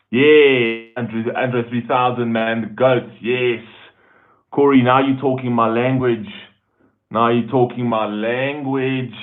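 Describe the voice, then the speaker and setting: A man with a South African accent hosting a casual live stream, chatting loosely and greeting viewers by name as he reads their comments. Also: lowish voice. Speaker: YouTube host reading live chat. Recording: tinny phone-like audio.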